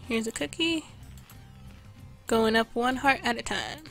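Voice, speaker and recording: Casting: higher-pitched woman, casual gameplay narration, game music underneath. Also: measured pace, vocal fry, fairly bright tone. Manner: chatty, reads out orders to customers while playing. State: losing her voice. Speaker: gameplay video host. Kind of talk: casual let's-play commentary.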